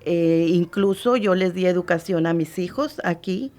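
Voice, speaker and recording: A woman in her fifties from Tamaulipas with a Mexican Spanish accent tells her story in an interview, measured and formal, with frequent hesitations. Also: lowish voice, a little mellow. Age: 50s. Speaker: interviewee, school district worker. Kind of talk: personal oral-history account.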